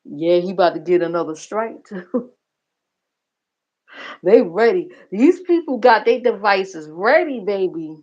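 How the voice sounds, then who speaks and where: A woman hosts her own livestream, talking straight to her viewers in blunt, profane gossip. Her voice sits at a middle pitch. The stream audio sounds dull and lo-fi. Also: animated, a little slow, long pauses, darkish tone. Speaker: livestream reaction host. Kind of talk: casual commentary.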